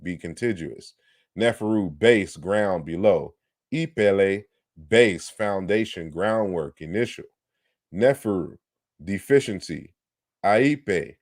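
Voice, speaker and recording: A man's voice: low-pitched, a little mellow, no echo, clean studio sound. A man giving an online lecture on word comparisons, explaining patiently and turning combative toward critics. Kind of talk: online lecture on historical linguistics.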